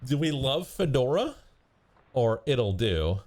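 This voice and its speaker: A man's voice: mid-range voice, sing-song, takes it slowly, darkish tone. A man streaming a game, chatting casually and reading the game text aloud, often stumbling and correcting himself.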